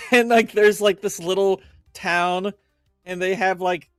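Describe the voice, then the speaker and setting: A man's voice: high-pitched, steady tone, slow pace, clear, resonant tone, no echo, faint music behind. A man co-hosting a podcast in casual chat, playful and riffing, laughing a lot.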